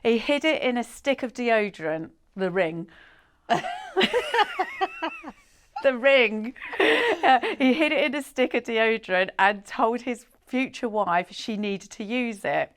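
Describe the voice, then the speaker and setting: A woman's voice: fairly high pitch, animated, slow pace, smooth. Woman co-hosting, chatty and giggly, keeps laughing through her stories. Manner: giggly storyteller, laughs mid-story. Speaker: co-host. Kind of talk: casual chat.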